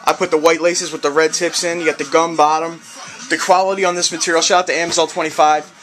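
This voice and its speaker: Casual sneaker vlogger, male, hyped and slangy, fairly high voice, faint music under. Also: level tone, fast, fairly bright tone. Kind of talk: casual video review.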